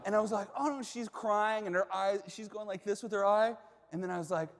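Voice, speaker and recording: A male pastor preaching a sermon and telling a personal story with animated delivery, acting out shouts and quotes. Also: sits high, a little fast, noisy background. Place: church auditorium. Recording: long reverb of a large hall.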